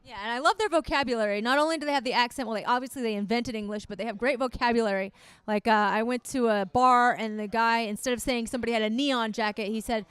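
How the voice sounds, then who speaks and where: A woman's voice: a little high, fast talker, fairly bright tone, smooth, dry recording. An American woman co-hosting, sharing chatty, amused anecdotes in casual conversation, recorded close and dry. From United States. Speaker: podcast co-host. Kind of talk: casual chat.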